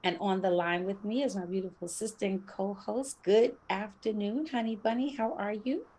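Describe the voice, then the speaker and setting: A middle-aged woman hosts a casual podcast chat, mid-pitched and bubbly. She laughs easily and leans on fillers as she talks. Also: fairly even intonation, normal speed, dark tone. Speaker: podcast host.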